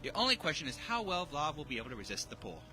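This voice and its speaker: A man streaming a visual novel, reading its text aloud and reacting with excitable, jokey, sometimes sweary comments. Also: fairly high pitch, racing, over music, low-quality recording.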